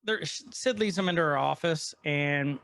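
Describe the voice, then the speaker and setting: A man's voice: fairly high pitch, a little slow, vocal fry. A man co-hosting a casual podcast, animatedly retelling an episode and quoting its characters. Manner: animated retelling with quoted lines. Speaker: podcast co-host. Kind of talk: casual chat recapping an episode.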